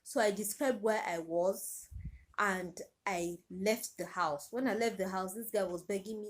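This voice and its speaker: A woman's voice: mid-range voice, unhurried. A young Nigerian woman with a Nigerian accent, retelling a personal story in a vlog with urgent, repetitive emphasis. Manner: emotional, urgent retelling with repeated phrases. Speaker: vlogger.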